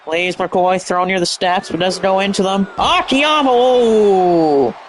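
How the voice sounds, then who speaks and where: A man calling a wrestling match play by play, energetic and shouting at big moves, often tripping over move names and correcting himself. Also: sits high, moderate pace, slight background noise. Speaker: play-by-play commentator. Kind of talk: excited play-by-play commentary.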